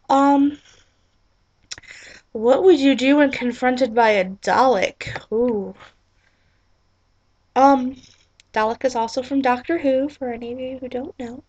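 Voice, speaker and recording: A woman's voice: sits high, steady tone, measured pace, pauses often, darkish tone, highs cut off, slight background noise. A young woman vlogging in casual, rambling chat, giggly and apologetic, with lots of "like" and "um", on a webcam mic in a small room at home.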